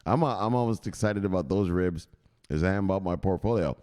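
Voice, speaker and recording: A man hosting a crypto news stream in a boisterous, profane casual chat and shouting out viewers. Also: low-pitched, brisk.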